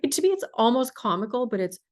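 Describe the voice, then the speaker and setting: A woman hosting a podcast interview, telling stories in a casual, emphatic and animated way. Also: on the high side, quick pace. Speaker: podcast host.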